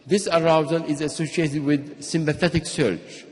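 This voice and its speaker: Male physician at a conference lectern, slightly higher voice, long hall reverb, steady explainer. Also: moderate pace. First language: Arabic. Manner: explanatory, steady, sometimes restarts and repeats words. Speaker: physician giving a conference talk. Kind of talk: medical conference lecture. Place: lecture hall.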